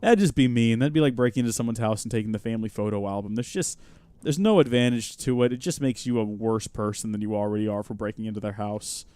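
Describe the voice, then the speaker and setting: A man hosting a live game stream, chatting, joking and reacting out loud as he plays. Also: fairly low pitch, quick pace, clean tone, dry recording. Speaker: host.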